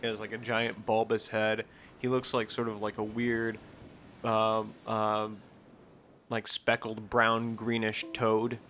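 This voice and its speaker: A man's voice: fairly low pitch, monotone, slow pace, fairly bright tone, slight background noise. A man narrating a tabletop game as game master, describing scenes hesitantly with chuckles.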